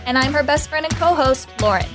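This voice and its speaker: A woman's voice: high-pitched, brisk, music in the background. A woman co-hosting a podcast in casual chat, giggly and playful, humming tunes and making sound effects. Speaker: podcast co-host.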